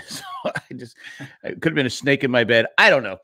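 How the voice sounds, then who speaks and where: Middle-aged male podcast co-host, rambling storyteller, mid pitch, dry close mic. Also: expressive, a little fast, pushed and bright, dry recording. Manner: rambling storyteller, restarts and laughs. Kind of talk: casual chat.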